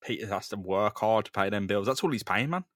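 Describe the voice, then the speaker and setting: A man's voice: lowish voice, animated, brisk, no echo, clean studio sound. A young man co-hosting a podcast, recapping a comic book with casual, sweary banter. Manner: recaps the comic with sweary banter, swinging between mumbles and loud bursts. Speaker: podcast co-host. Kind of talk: casual comic book read-through chat.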